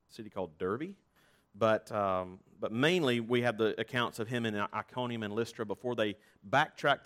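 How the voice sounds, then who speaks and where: A male pastor preaching in a relaxed, conversational way, then reading a scripture passage aloud. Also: mid-range voice.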